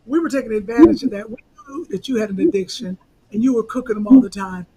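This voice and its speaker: Husky, high-voiced woman comic co-host. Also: mellow, rough recording. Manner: teasing, quick banter. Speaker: podcast co-host. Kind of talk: casual comedic chat.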